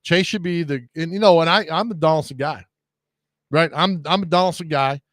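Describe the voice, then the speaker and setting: Guy radio host, bit high voice, rambling jokey stories, dry studio sound. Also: fairly quick, fairly bright tone, no echo. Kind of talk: casual sports radio chat.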